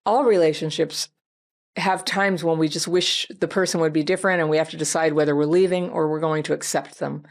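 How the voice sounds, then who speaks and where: Low-voiced woman giving gentle advice. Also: fairly even intonation, a little fast. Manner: gentle, reflective, speaks directly to the listener. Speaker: advice host. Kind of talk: advice talk answering a viewer's letter.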